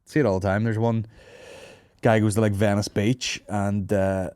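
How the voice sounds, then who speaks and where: A man's voice: on the low side, little pitch movement, normal speed, a little mellow, smooth, no echo, clean studio sound. A man hosting a podcast, chatting casually with lots of swearing and joking. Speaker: podcast host. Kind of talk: casual chat.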